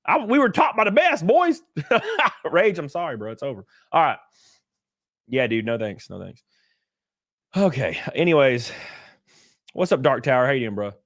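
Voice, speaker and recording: A man's voice: fairly high pitch, big pitch swings, normal speed, long pauses, fairly bright tone, no echo, clean studio sound. A man from California hosting a casual livestream, reading chat and reacting, swearing often and laughing a lot. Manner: profane, laughing, acts out other people's voices. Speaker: livestream host.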